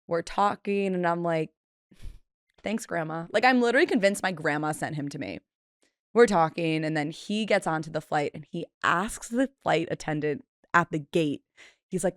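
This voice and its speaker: A woman in her twenties hosts a solo podcast, her voice on the low side and recorded with clean, echo-free studio sound. She tells stories casually and self-deprecatingly, acting out the people she quotes.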